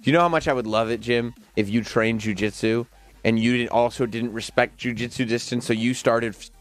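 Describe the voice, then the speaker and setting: A man's voice: mid-range voice, fairly even intonation, brisk. A man hosting in casual chat, teasing his co-host and asking questions.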